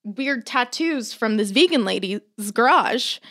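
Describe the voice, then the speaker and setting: A woman's voice: fairly high pitch, lively intonation, unhurried, fairly bright tone. A young woman co-hosting a podcast, chatting casually and swearing freely as she acts out stories about her family. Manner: chatty, profane storyteller who acts out family members. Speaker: podcast co-host. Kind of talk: casual chat.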